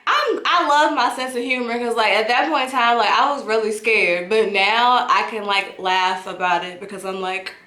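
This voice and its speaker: Animated woman telling a story. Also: a little high, moderate pace, hardly any pauses. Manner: animated, laughing, dramatic retelling. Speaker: vlogger. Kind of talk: casual storytelling. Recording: roomy echo.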